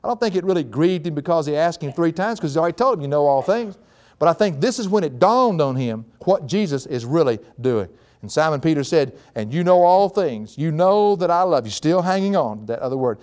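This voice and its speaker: A man preaching a sermon, folksy and animated, climbing to high excited peaks.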